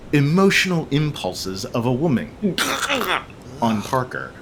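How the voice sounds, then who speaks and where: A man's voice: medium pitch, a little hiss or hum. Snarky guy podcast host, swoopy up and down voice, swears a lot, kinda jokey recap. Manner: sarcastic, joking asides, swearing. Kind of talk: casual comedic movie recap.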